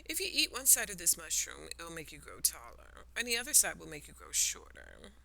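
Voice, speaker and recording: A woman's voice: fairly low pitch, huge pitch swings, brisk, creaky, pushed and bright, heavily acted. A woman voicing a haughty, easily insulted male caterpillar in a storybook, speaking curtly. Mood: helpful. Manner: curt, demanding. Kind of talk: children's storybook reading.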